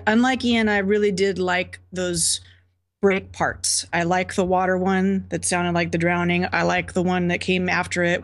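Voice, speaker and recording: A woman on a music review panel, praising a track enthusiastically with plenty of fillers and restarts. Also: lowish voice. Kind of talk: casual panel critique.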